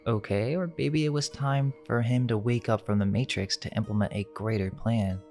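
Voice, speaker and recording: A man with a low voice reads a scripted narration, measured and suggestive, leaning on rhetorical questions. Faint music plays beneath his voice. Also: fairly even intonation, darkish tone. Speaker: narrator of a conspiracy video.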